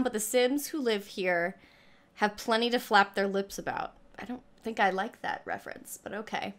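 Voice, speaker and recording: A young woman reacting to a trailer and reading it aloud, gushing and a little out of breath. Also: medium pitch. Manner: gushing, squealing with excitement. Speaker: gaming YouTuber reacting to a trailer.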